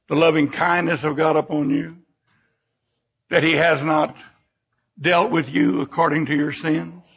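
An older man preaching a sermon with fervent emphasis, his voice leaping up and sinking low between phrases. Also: flat delivery, measured pace, creaky, long pauses, a bit bright, breathy edge. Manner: fervent preaching, sudden rises and drops in pitch and volume. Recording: dull lo-fi recording.

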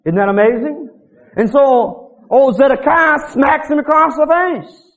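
A man's voice: very high-pitched, measured pace. A man preaching a sermon, telling stories with animation and acting out the voices of the people in them. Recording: muffled lo-fi recording.

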